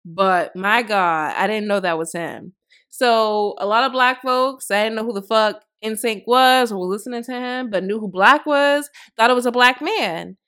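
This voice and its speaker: A woman's voice: a little high, normal speed, a bit bright, clear, resonant tone. A woman in her thirties hosting a podcast, giving blunt, profane, emphatic opinion commentary in a casual way. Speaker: podcast host.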